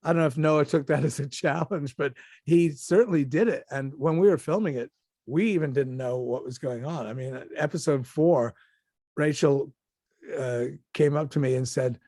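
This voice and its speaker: A man's voice: on the high side, normal speed, mellow, no echo, clean studio sound. An older male actor, a guest on an interview show, telling anecdotes casually with many restarts and acted-out quotes.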